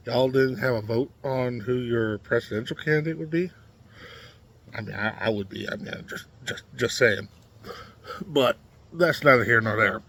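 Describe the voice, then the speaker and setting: A man from Nebraska talks straight to his audience in a blunt, combative vlog rant. He stumbles through restarts and fillers, then slips into lecturing as he explains things. His voice sits at an ordinary middle pitch. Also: a bit bright. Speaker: political commentary vlogger. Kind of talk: casual opinion monologue to camera.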